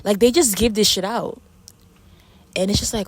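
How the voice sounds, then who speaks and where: A young woman vlogger rants to her camera in a casual, profane way, filling her speech with "like." Her voice is medium-pitched at normal speed, with slight background noise.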